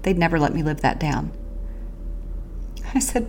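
Sharing a first-person story on her podcast, a woman with a somewhat low, animated, slightly mellow voice speaks earnestly but haltingly, stopping and starting as each moment comes back. She talks openly of prayer and faith, and there's a little hiss or hum.

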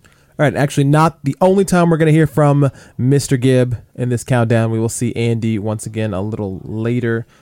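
A man hosts a chart countdown in a relaxed, chatty way, with plenty of "you know" and "like" fillers. His voice is mellow and smooth. The mic is close and dry, with no room sound. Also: medium pitch, moderate pace, no room sound. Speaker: podcast co-host counting down chart hits. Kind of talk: casual chart countdown chat.

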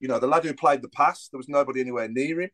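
A man's voice: mid-range voice, fairly bright tone. A man talking football on a casual podcast, rambling with plenty of fillers. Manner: fast, rambling, lots of fillers. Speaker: podcast panelist.

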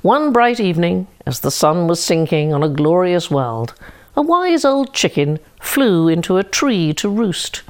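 A woman reading a storybook fable aloud in a slow, deliberate, expressive way. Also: fairly low pitch.

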